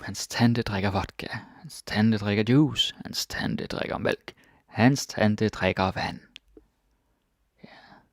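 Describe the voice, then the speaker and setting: Slow, gravelly male teacher. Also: fairly low pitch, no echo, studio quality. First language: Danish. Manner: relaxed, repeats words, asks "right?" often. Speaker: language teacher. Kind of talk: casual language lesson.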